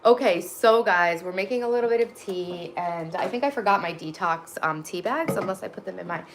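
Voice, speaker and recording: A woman's voice: on the low side, fairly quick, slight background noise. A bubbly, enthusiastic woman hosting a casual livestream from her home kitchen, reading viewer comments aloud. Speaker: livestream host.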